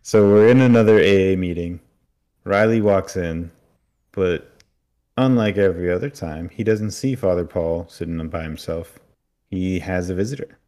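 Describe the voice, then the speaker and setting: A man's voice: sits low, normal speed, dark tone. A man co-hosting a podcast, casually recapping an episode and acting out characters' lines as he retells scenes. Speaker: podcast co-host.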